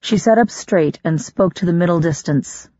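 A narrator reading a novel aloud in a measured way. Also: mid-range voice, a little mellow, no room sound, lo-fi sound. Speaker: audiobook narrator. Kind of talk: scripted narration.

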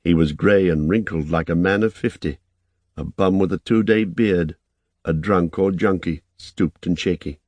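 A man narrating an audiobook in a measured, even reading. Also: low-pitched, no room sound.

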